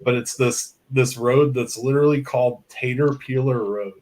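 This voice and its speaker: A man's voice: medium pitch, moderate pace, a little mellow, poor audio. A man in casual chat, telling long, rambling stories full of swearing and fillers. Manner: rambling, profane storytelling with frequent fillers. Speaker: podcast host.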